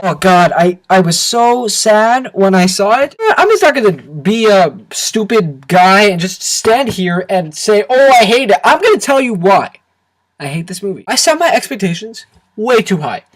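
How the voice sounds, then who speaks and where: A man reviewing a film to camera in an excitable, animated rant full of exaggerated outbursts. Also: high-pitched, rough recording. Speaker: movie reviewer.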